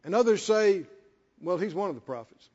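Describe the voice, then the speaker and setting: Preaching at normal speed, a very high-voiced man swoops and lilts through his sermon. He drives points home by repeating them, speaking in a homespun, plain way. Audio quality is muffled and lo-fi, with lengthy reverberation from a hall.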